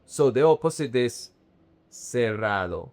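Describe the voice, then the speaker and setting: Man, young adult, teacher, slow careful drilling, middle pitch. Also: expressive, darkish tone. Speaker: Spanish teacher. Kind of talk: vocabulary lesson to camera.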